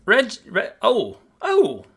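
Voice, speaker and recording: A man's voice: sits high, wildly swooping pitch, extremely slow, gravelly, a bit bright, husky, pitched above the performer's own voice, full character voice. Hesitant maitre d' man with a springy voice, a game master doing him. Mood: polite. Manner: polite, hesitant. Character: fussy male restaurant maitre d'.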